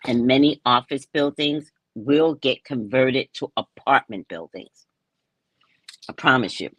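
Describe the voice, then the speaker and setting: A woman's voice: extremely low pitch, lively intonation, measured pace, no echo. A woman in her sixties, chatting casually and playfully with viewers on a live stream, laughing as she talks. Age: 60s. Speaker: live stream host and psychic reader. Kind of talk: casual live chat answering comments.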